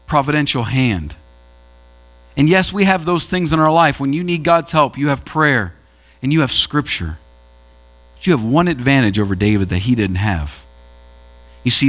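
A man's voice: mid-range voice, a bit bright. A man preaching a sermon as pastor, building emphasis through repeated phrases. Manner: preaching with rising emphasis and repetition.

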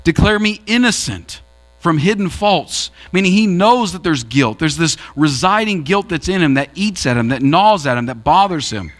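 A man's voice: a little high, expressive, moderate pace, a bit bright. A man preaching a sermon as pastor, building emphasis through repeated phrases. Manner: preaching with rising emphasis and repetition.

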